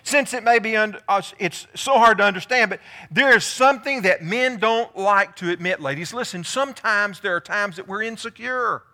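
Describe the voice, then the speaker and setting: A male pastor giving a lively sermon, asking the congregation questions and calling on people by name. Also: high-pitched, normal speed, few pauses. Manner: animated, calls on listeners by name, asks the room questions.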